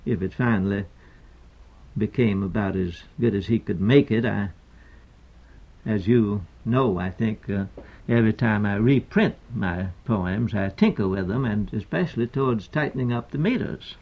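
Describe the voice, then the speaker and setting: Heard on a dull, lo-fi archival tape, an older man with a fairly low-pitched voice gives a lecture on meter. A poet, he speaks hesitantly and deliberately, pausing often and leaning on fillers.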